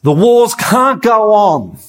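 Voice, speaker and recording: High-voiced impassioned male preacher. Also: very animated, slow. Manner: impassioned and pleading, with emphatic repetition. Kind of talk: evangelistic sermon.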